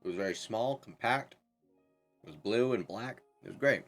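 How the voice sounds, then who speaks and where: A man's voice: fairly low pitch, lively intonation, normal speed, faint music behind. A young man streaming a game, chatting casually in a rambling, self-correcting way. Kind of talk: casual chat while gaming.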